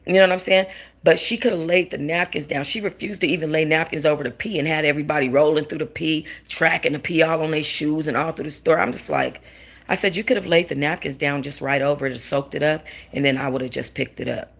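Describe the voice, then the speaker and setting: A woman with a low, gravelly voice tells a story in a casual, animated rant. She acts out what each person said and swears freely. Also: fast. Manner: animated, swearing, quotes people. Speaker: vlogger.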